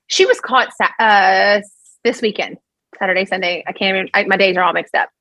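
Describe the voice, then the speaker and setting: A woman from Louisiana with a Cajun accent, a podcast guest telling a story in an animated, rambling way. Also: mid-range voice, moderate pace, dry recording, poor audio. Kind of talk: casual storytelling chat.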